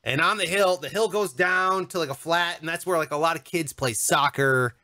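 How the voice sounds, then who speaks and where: A man's voice: on the high side, moderate pace, sharp tone, no room sound, studio quality. A man in his thirties co-hosting a podcast, telling a comic anecdote in casual chat and acting out the voices of the people in it. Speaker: podcast co-host.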